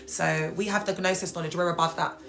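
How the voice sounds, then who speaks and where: A woman hosting a casual live stream from a hospital bed, chatting to viewers and reading their comments, animated and quick to break into high excited exclamations. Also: gravelly, faint music behind. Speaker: livestream host.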